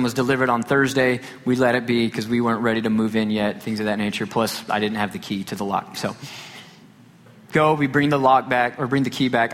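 A man preaches a sermon with a mid-range voice, telling a story and acting out the back-and-forth between people. His voice rings out in a large hall with a long reverb tail. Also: mid-range voice. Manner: storytelling, animated retelling with quoted dialogue. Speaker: pastor.

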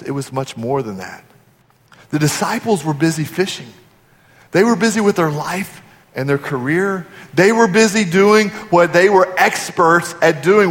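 A man preaching a sermon, his voice sitting fairly high for a man. He poses question after question to the congregation and sinks to a hushed tone on key points. The sound rings out with long reverb, as in a church sanctuary. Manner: preaching with rhetorical questions, dropping to quiet emphasis. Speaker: pastor.

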